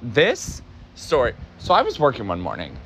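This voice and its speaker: A man's voice: mid-range voice, huge pitch swings, moderate pace, fairly bright tone, a little hiss or hum. A young man telling a story in a casual, agitated way, cursing often for emphasis. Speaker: podcast host, former barista.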